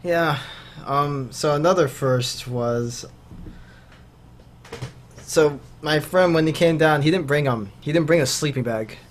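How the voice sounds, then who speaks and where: A man's voice: a little high, unhurried, long pauses. A young man co-hosting a podcast in casual chat, talking loosely with lots of fillers. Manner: loose and rambling, many fillers. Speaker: podcast co-host.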